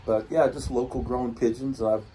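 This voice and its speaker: A man's voice: medium pitch, steady tone, normal speed, warm tone, a little hiss or hum. A middle-aged man from Washington state telling rambling, folksy stories about his start with pigeons in a casual outdoor interview. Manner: rambling, folksy, acts out quoted voices.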